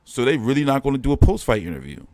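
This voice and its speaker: A man ranting through a casual live stream, exasperated and full of cussing and slang. His voice sits at an ordinary pitch, recorded close and dry with no room sound. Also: sing-song, rapid-fire, a little mellow, dry recording. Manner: profane, rambling and exasperated; slangy street talk. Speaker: boxing show host.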